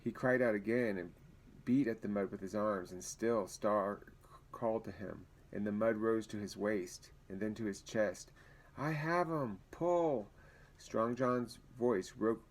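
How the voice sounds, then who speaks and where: A man's voice: lowish voice, low-quality recording. A man reading a novel aloud in a plain, conversational way, sometimes stumbling over words and adding casual comments. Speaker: reader.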